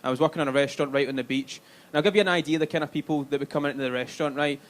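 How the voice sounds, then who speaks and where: A man's voice: on the high side, fairly even intonation, racing. A man with a Glaswegian Scottish accent doing a live stand-up set, chatty and sweary, checking in with the crowd. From Scotland, Glasgow. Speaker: stand-up comedian. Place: comedy club stage.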